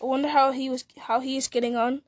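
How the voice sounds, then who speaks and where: Gentle wistful hobbit man as a woman reads him, fairly high voice. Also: little pitch movement, fast, no room sound, close to an everyday voice.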